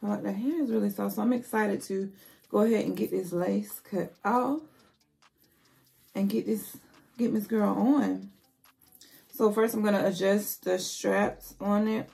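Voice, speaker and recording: Woman beauty vlogger, unhurried delivery, chatty and playful, faint music under her. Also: medium pitch, fairly even intonation, vocal fry, warm tone. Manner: chatty, playful, talks straight to viewers. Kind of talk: casual wig review vlog.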